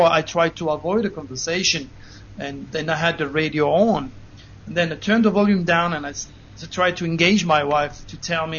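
A man giving an earnest, animated first-person account to an interviewer, with frequent restarts. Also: on the high side, slight background noise. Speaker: interview guest. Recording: dull lo-fi recording.

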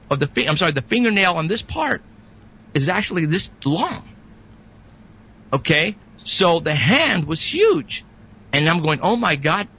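A man guest telling a story in a rambling, animated way, with many restarts. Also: on the high side, vocal fry, breathy edge, rough recording. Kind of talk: casual storytelling.

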